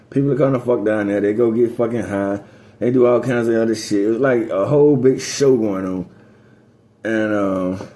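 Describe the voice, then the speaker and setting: A man in a rambling, casual monologue, telling a loose, profane story that drifts between topics and climbs higher when he gets going. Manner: rising pitch on excited story beats.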